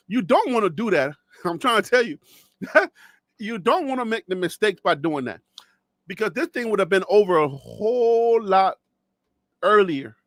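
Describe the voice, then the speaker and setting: A man from Liberia ranting on a live sports stream, animated and mocking, dropping to low asides and rising to shouts while losing his voice. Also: dry recording, clean studio sound. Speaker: sports commentator.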